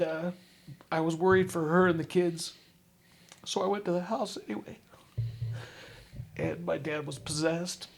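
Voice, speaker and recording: A man's voice: a little high, gravelly, a little mellow, slight background noise. A middle-aged man, a podcast guest, earnestly and casually telling a personal story from his life. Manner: earnest, casual, often says "dude".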